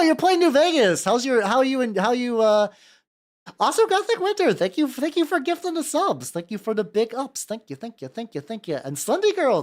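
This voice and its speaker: Rambly painting streamer, swears a lot, voice bounces all over, keeps saying welcome welcome. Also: medium pitch. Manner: rambling, profane, repeats greetings to chat. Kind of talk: casual livestream chat while painting.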